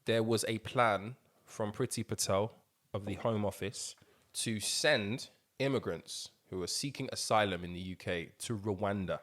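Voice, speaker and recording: A man's voice: fairly low pitch, unhurried, a bit bright. A man co-hosting a podcast in loose, slang-heavy casual chat. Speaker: podcast co-host.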